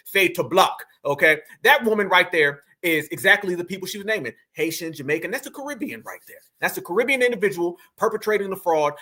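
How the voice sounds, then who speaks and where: Guy reacting to a clip, high voice, keeps hammering his point and mocking, talks right at his viewers. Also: bright, forceful tone, breathy edge. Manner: emphatic, mocking, repeats points to the audience. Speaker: commentary channel host. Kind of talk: reaction commentary on a played clip.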